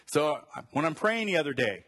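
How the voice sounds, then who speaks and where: A middle-aged man preaching a sermon in a church, animated and joking, swinging between loud bursts and quiet prayerful lines. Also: on the high side, normal speed, slightly rough. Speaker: pastor. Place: church sanctuary.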